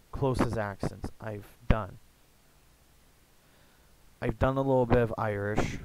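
Slow, gravelly young man rambling. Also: fairly low pitch, a little mellow, a little hiss or hum, low-quality recording. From United States. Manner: rambling, halting, many fillers and restarts. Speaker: gaming YouTuber. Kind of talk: casual rambling vlog chat.

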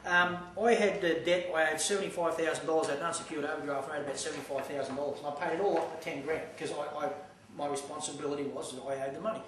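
A man's voice: on the high side, fairly even intonation, very fast, a bit bright, recorded from a distance. Australian man, blunt, swearing, storytelling lecturer, echoey hall recording, faint hiss. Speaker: seminar speaker. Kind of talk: lecture to a live audience.

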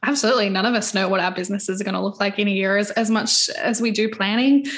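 A woman's voice: medium pitch, fast talker. A woman guest on a podcast, talking in a friendly, reflective way with plenty of casual fillers. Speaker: podcast guest, web design coach. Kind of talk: casual conversational interview.

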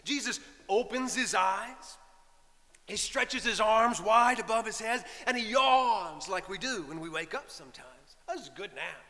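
A man, a priest preaching a sermon, telling the story in a lively way and talking straight to the congregation. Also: high-pitched, measured pace. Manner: animated storytelling with asides to the congregation. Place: church. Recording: long church reverb.

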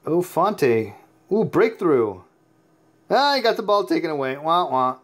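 A tired, sleepy man giving chatty, excitable gameplay commentary as host of his own channel, laughing often. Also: fairly high pitch, measured pace. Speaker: mobile game player and YouTube host.

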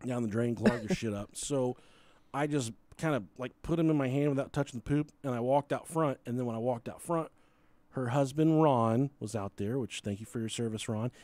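A man hosting a podcast, telling a crude, animated story casually with frequent laughter. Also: medium pitch, normal speed, no room sound. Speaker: podcast host.

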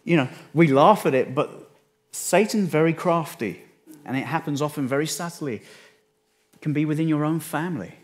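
A man with an English accent, a pastor delivering a sermon in a conversational way, often dropping his voice low for emphasis. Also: normal speed. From England. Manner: conversational, restarts phrases, dips quiet for emphasis.

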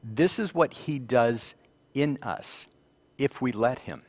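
A man's voice: mid-range voice, lively intonation, slow pace, a little mellow, long reverb tail. A man with an American accent teaching a church Bible study class, reading scripture aloud and stressing key words, then explaining them. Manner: reads scripture aloud with rising emphasis. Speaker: Sabbath School teacher.

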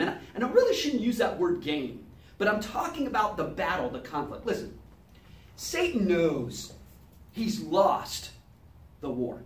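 A man teaching a lively Sunday school Bible lesson who acts out little scenes with sound effects and voices. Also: sits high, unhurried. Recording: echoey room, mic at a distance.

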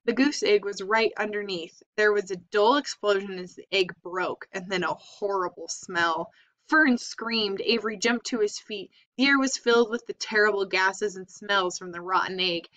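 A woman's voice: mid-range voice, moderate pace, a bit bright. Woman reading a children's book aloud. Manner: plain reading with small slips and self-corrections. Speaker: reader. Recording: slightly dull lo-fi recording.

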